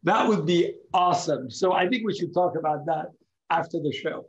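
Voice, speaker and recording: Male host, encouraging interviewer, slightly high pitch, dull lo-fi call audio. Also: normal speed. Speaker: wine show host. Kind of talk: interviewing a guest.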